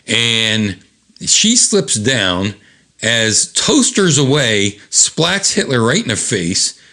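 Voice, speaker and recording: A man hosting a show, reading a comic book aloud with commentary, jumping into high character voices and chuckling at the jokes. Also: very animated, slow pace, pushed and bright. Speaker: host.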